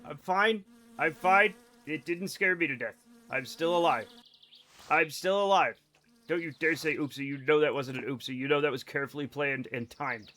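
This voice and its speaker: A man's voice: on the high side, normal speed, sharp tone, slight background noise. A man streaming a game live, rambling casually to his chat in a self-amused way.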